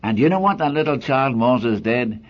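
An older man preaching as a pastor, telling folksy stories and asking his listeners rhetorical questions, in a husky voice. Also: medium pitch, expressive, normal speed, lo-fi sound. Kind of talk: sermon.

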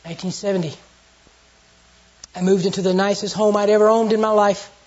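A preacher with a Southern US accent, giving an earnest storytelling sermon that turns from hushed to loud. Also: medium pitch, flat delivery, a little fast. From Southern United States. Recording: dull lo-fi recording.

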